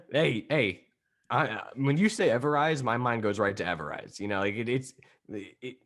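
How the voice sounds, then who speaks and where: A young man co-hosting a casual wrestling podcast, rambling excitedly and laughing often. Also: medium pitch, brisk. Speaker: podcast co-host.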